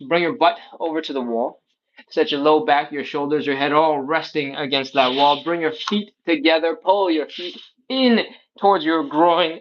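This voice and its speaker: A man leading a live stretching workout, counting reps and breaths in a calm coaching manner. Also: a little high, muffled recording. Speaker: stretching instructor. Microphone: livestream setup.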